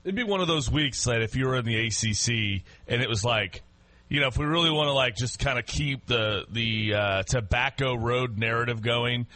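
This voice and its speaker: A man's voice: medium pitch, normal speed, bright, forceful tone, no room sound. A man co-hosting a sports radio show, talking casually with many restarts and fillers. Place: radio studio.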